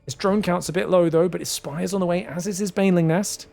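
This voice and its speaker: A man giving solo esports commentary in a chatty, joking way with excitable asides. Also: high voice, fast, vocal fry, soft background music. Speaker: esports caster.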